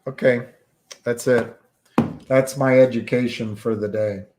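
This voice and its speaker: A man from the United States, hosting a livestream and talking casually in a slow, rambling way, with many fillers and restarts. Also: medium pitch, fairly even intonation, darkish tone, slight background noise. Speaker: livestream host.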